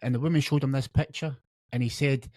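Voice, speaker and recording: Man, podcast host, enthusiastic, affirming, dry close recording, mid pitch. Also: steady tone, brisk, warm tone, no echo. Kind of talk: casual conversational interview.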